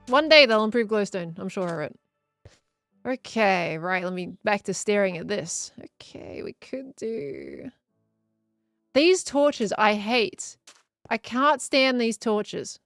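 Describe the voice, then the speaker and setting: A woman's voice: medium pitch, very animated, slow pace, vocal fry, a bit bright, no echo, soft background music. A woman with an Australian accent, chatting casually on a live stream as she builds and answers viewers. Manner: chatty, reads out chat messages and reacts to viewers.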